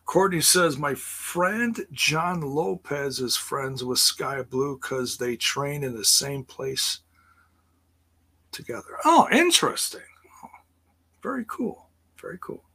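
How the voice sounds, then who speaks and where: A man talks slowly and loosely, recapping for his chat. His voice is bright and forward. He drifts into sarcastic asides and filler words. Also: medium pitch. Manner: rambling, sarcastic asides, frequent ums and laughs. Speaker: wrestling show recap host. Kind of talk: casual livestream recap chat.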